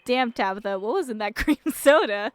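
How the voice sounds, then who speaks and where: High-voiced young woman streamer. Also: normal speed, no echo. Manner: excitable, laughs and exclaims often. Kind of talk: reading a visual novel aloud with reactions.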